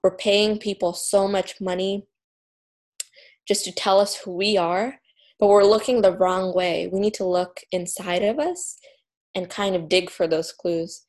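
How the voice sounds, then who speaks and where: A woman's voice: medium pitch, steady tone, unhurried, a little mellow. A woman, an author and journalist, talking as a guest in an interview, earnest and upbeat, with fillers and restarts. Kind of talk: promotional interview talk.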